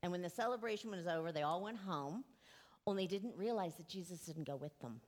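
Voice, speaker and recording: A woman in her forties giving a children's sermon, gently asking the children questions and drawing them into the story. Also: fairly low pitch, animated, fairly quick. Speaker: children's message leader.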